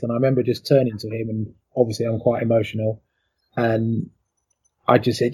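Reflective middle-aged man with mellow husky voice. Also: mid-range voice, flat delivery, fairly quick. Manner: reflective, emotional retelling with many fillers. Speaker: interview guest, former athlete. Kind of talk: casual interview storytelling.

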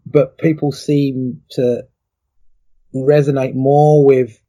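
Interview guest: middle-aged man, mellow and slightly husky, reflective storyteller, lots of ums. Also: medium pitch, level tone, slow pace. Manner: reflective, emotional retelling with many fillers. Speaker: interview guest, former athlete.

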